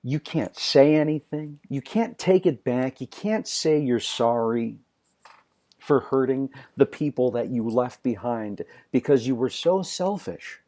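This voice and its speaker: A man giving a raw, personal motivational talk, blunt and profane, with halting restarts. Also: mid-range voice, warm tone. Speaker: motivational speaker.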